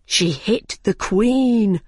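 A woman voicing the White Rabbit, a nervous male rabbit who speaks in a hushed, secretive way. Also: mid-range voice, very slow, husky, no room sound, studio quality.

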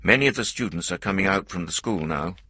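Deep-voiced male story narrator. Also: fast, slightly rough, no room sound, clean studio sound. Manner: lively, plain reading for learners.

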